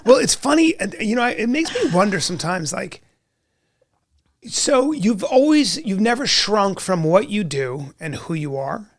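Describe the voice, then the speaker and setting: A man's voice: sits high, sing-song, unhurried, dry recording. A man hosting an interview podcast, talking in loose rambling sentences with many restarts. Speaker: podcast host. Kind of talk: casual interview chat.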